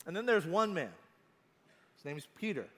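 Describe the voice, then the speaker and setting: A male pastor preaching a sermon, earnest and emphatic, slowing down to stress key phrases. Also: high-pitched, sing-song, long reverb tail, noisy background.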